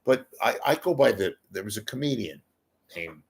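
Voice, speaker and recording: A man's voice: lowish voice, animated, normal speed, gravelly, slightly rough. An older man hosting a livestream, chatting casually in a rambling, self-mocking way. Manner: rambling, self-deprecating joking. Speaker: livestream host. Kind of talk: casual chat.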